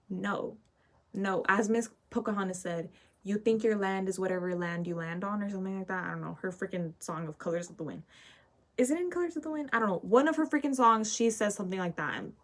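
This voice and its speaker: A woman's voice: mid-range voice, animated, brisk. A teenage girl telling a casual story while getting ready, ranting and full of fillers, often tagging lines with "okay?". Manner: ranting, filler-heavy, keeps asking "okay?". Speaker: vlogger.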